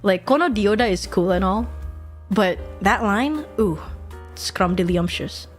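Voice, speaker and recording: A young woman streaming, chatting casually and excitedly, laughing often and swearing freely. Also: medium pitch, measured pace, faint music behind. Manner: giggly, excitable, swears casually, repeats quotes.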